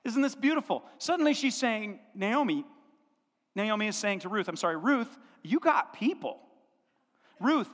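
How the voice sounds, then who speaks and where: High-voiced pastor preaching in a hall. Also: male voice. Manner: animated storytelling, acting out biblical characters' lines. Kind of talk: sermon. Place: church sanctuary.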